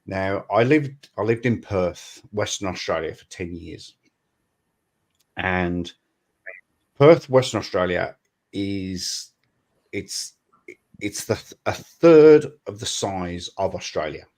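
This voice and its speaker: A man from Birmingham with a Brummie accent talks in a loose, jokey way, slipping into other accents for fun. His voice sits low. He swears casually as he chats. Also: expressive, slow, long pauses, darkish tone. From Birmingham, England. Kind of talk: casual chat.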